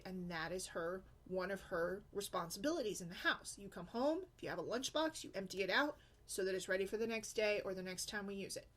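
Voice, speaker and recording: A woman talking in a casual vlog, venting bluntly and emphatically about her daughter's attitude. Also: mid-range voice. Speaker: single mom blogger.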